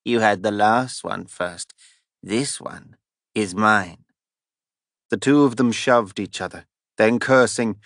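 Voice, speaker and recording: Low voiced guy reading a fantasy audiobook, dry close sound, measured. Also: no echo. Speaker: audiobook narrator. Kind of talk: scripted fantasy narration.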